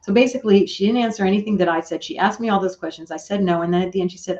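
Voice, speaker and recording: A woman guest on a talk show, retelling a personal story in a chatty, animated way with quoted dialogue. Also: on the low side, very fast. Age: older. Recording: dull lo-fi remote audio.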